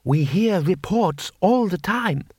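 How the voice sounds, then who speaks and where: A man playing a slow, defiant young rebel woman. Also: sits high, expressive, darkish tone, husky, no room sound, studio quality, voice pushed up, full character voice. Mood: firm. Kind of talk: audiobook character voice.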